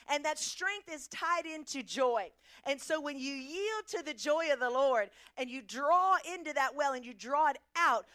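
A middle-aged woman with a high-pitched, fairly bright voice preaches a sermon emphatically. She poses questions to the congregation and then answers them herself.

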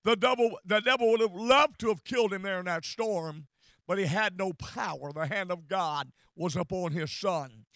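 A man preaching a fervent sermon, repeating phrases and rising to shouts. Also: high voice, normal speed, no room sound.

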